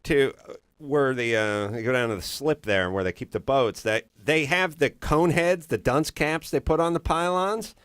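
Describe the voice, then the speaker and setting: A man's voice: mid-range voice, normal speed, fairly bright tone, clean tone, no echo, studio quality. A man hosting a podcast, riffing through a swearing comedic rant full of tangents. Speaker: podcast host.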